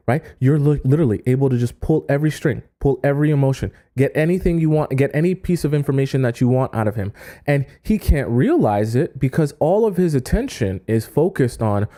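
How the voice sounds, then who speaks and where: Mellow-voiced man giving dating advice. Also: a little high, animated, brisk. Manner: keeps checking in with "right?"; acts out quoted voices. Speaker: dating coach. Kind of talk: casual advice lecture.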